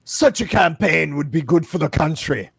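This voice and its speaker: A man's voice: animated, normal speed, gravelly, a bit bright, slightly rough, dry recording, full character voice. A man putting on the voice of a pompous aristocrat who lectures the common folk. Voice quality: pompous, booming.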